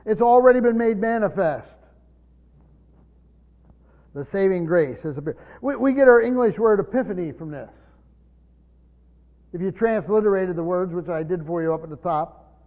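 Guy preaching bible study, high voice, keeps repeating himself, echoey hall, muffled recording. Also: expressive, normal speed. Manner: teacherly, repeats words, drops low for scripture. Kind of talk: bible teaching sermon. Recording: dull recording in a long-reverb hall.

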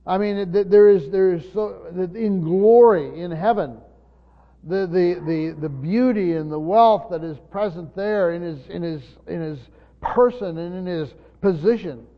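High-voiced man preaching in a big echoing hall. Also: a little slow. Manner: earnest teaching tone, addresses the congregation directly. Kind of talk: sermon. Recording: dull lo-fi sound with long reverb of a large hall.

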